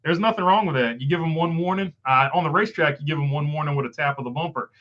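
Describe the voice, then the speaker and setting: A man's voice: on the high side, fast, highs cut off. Country-accented man rambling through chat. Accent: Southern US country. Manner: filler-heavy, rambling, frequent uh. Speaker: live stream host reading chat. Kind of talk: casual live stream chat.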